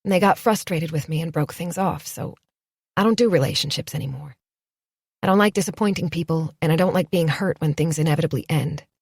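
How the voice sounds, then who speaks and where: A woman's voice: sits low, brisk, vocal fry, a little mellow, breathy edge, no room sound, studio quality, full character voice. Woman doing a guarded, anxious young artist. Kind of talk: audiobook dialogue.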